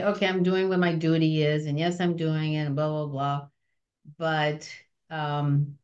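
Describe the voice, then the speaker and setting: A woman guest on an interview podcast, telling personal stories in a lively way and acting out the voices of the people in them, with frequent restarts. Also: on the low side, dull audio. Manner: animated, acts out voices in anecdotes, many restarts. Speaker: film company president, guest. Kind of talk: conversational storytelling.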